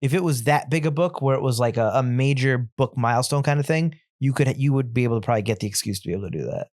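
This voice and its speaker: A man's voice: medium pitch, fast, darkish tone, no room sound. Easygoing man on a podcast, dry sound. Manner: rambling, easygoing, self-deprecating humor. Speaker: podcast co-host. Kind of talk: casual film discussion. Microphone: studio mic.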